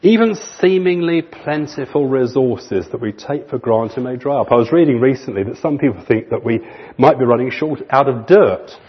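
A man preaching a sermon in an earnest manner, stretching key phrases slowly for emphasis. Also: medium pitch, husky. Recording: muffled lo-fi recording.

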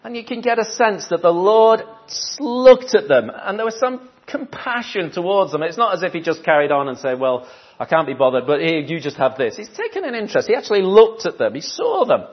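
A man's voice: high voice, big pitch swings, a little fast, lo-fi sound. A man preaching a conversational sermon, asking rhetorical questions and repeating key phrases for emphasis.

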